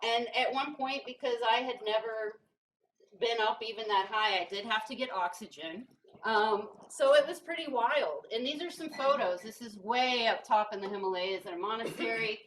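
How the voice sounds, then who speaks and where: A woman's voice: on the high side, moderate pace, a bit bright. A woman from rural Kentucky giving a humorous talk to an audience, telling stories in a self-deprecating way. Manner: joking, self-deprecating storytelling. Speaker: guest speaker. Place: brewery event room, indoors. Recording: distant mic with faint noise.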